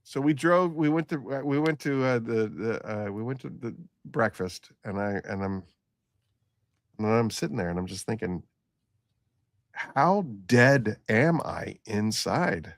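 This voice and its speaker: A middle-aged man, a nurse and former paramedic, telling a blunt story in casual conversation, halting and full of restarts. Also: mid-range voice.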